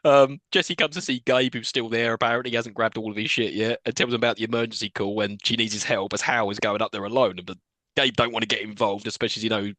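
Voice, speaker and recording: A man's voice: on the low side, steady tone, quick pace, bright, forceful tone, no room sound. A man co-hosting a podcast, chatting casually about a film, laughing often and swearing. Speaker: podcast co-host. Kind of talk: casual film review chat.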